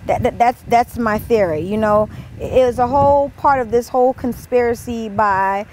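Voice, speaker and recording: A woman's voice: on the high side, moderate pace, slight background noise. Exasperated woman in her twenties ranting. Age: 20s. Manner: animated, exasperated rants. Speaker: comedian. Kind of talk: comic monologue.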